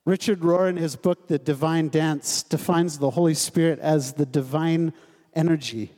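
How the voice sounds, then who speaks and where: A man's voice: fairly high pitch, normal speed, dark tone. A man preaching a sermon to a congregation, in a conversational, lightly humorous way, asking his listeners questions. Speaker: pastor. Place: church sanctuary. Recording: long hall reverb.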